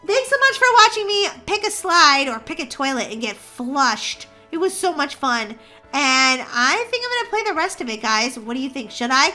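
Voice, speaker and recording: A woman's voice: high voice, big pitch swings, normal speed, bright, forceful tone, soft background music. A woman hosting a gaming video, giving silly, playful commentary and singing goofy bits. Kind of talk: gameplay commentary.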